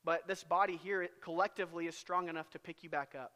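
A young man gives a sermon and an invitation from the pulpit, his voice sitting somewhat high for a man. He speaks earnestly and often repeats a word as he starts a phrase. The church hall gives his voice a long reverb. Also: little pitch movement, fast talker, pushed and bright. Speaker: preacher. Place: church sanctuary.

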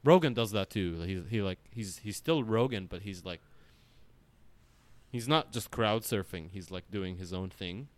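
A man's voice: lowish voice, unhurried, no room sound. A man chatting casually on a podcast, rambling with many fillers and frequent swearing. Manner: rambling, animated, swears often, lots of filler words. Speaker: podcast co-host.

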